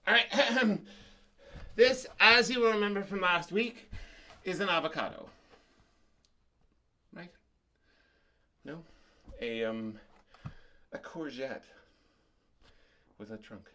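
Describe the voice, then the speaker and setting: A man's voice: sits high, bright, forceful tone. A man teaching a children's music class over a video call, singing action songs and joking playfully with the kids. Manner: playful, sings and chants action songs with jokes for small children.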